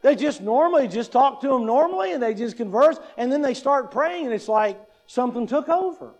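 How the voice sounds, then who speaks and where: A man's voice: very high-pitched, expressive, fairly quick. A pastor in his fifties gives a conversational teaching talk, often asking "right?" and adding wry humor. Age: 50s. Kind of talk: teaching talk on public speaking.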